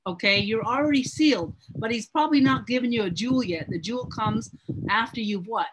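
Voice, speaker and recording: A woman's voice: on the high side, slight background noise, rough recording. A woman teaching a Bible study class in an earnest, emphatic way, often repeating her words.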